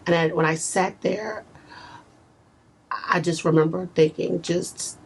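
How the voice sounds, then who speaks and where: A woman's voice: fairly low pitch, steady tone, slow, breathy edge, rough recording. A woman guest in a casual interview, telling her story earnestly and with feeling. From United States.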